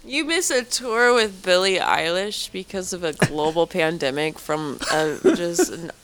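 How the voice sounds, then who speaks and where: A woman's voice: lowish voice, a little slow, a bit bright, slight background noise. A woman co-hosting a music podcast, chatting casually and enthusiastically with lots of fillers and laughs. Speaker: podcast co-host. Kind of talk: casual music review chat.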